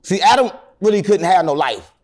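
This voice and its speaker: A middle-aged man, telling long rambling stories with deadpan jokes as an interview guest. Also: high voice, brisk. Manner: animated, rambling, deadpan joking. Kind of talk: rambling storytelling in casual interview.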